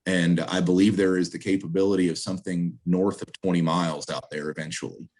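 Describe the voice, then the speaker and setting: A man's voice: low-pitched, steady tone, brisk, a little mellow. A man, president of a trail association, speaking earnestly and upbeat as a guest in a video-call interview, appealing for volunteers.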